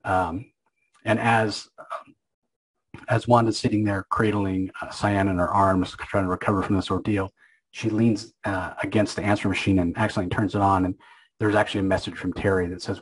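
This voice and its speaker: A man's voice: low-pitched, little pitch movement, moderate pace, husky, rough recording. A man hosting a comic book podcast, recapping an issue in a casual, rambling way with lots of fillers and restarts. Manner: rambling, thinking aloud with many fillers and restarts. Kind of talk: casual spoken recap and commentary.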